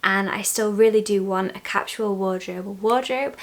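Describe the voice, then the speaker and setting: A young woman vlogging from her bedroom at home, chatting candidly to camera and laughing softly between thoughts. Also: medium pitch, moderate pace. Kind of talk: casual chat to camera.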